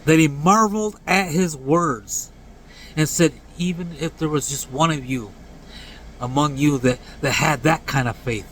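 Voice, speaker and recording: A man in his late forties delivering a blunt, earnest rant to camera, dropping to low mumbled tags at the ends of lines. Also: a little slow, fairly bright tone, slight background noise, poor audio. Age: 40s. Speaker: vlogger. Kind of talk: casual preachy rant to camera.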